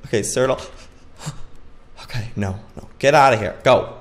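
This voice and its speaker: A gaming channel host with a mid-range voice speaks at a measured pace during a let's play of a horror game. He's jumpy and frightened, talking to himself and yelping.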